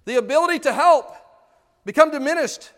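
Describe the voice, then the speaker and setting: A man preaching a sermon with passion, swinging between loud pleading and hushed asides, and asking the congregation rhetorical questions. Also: very high-pitched, animated, brisk. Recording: long reverb of a church hall.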